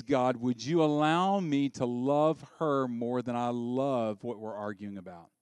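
A middle-aged man preaching a sermon, swinging from soft asides to loud, emphatic peaks. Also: medium pitch, a little slow, few pauses, smooth, no room sound. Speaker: pastor.

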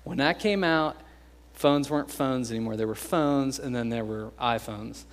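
A young American man preaching to his congregation. He keeps it loose and conversational, cracking jokes and slipping into quick impressions of everyday people. His voice sits at an ordinary middle pitch. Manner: conversational and joking, acts out quoted voices. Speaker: pastor. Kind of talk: sermon.

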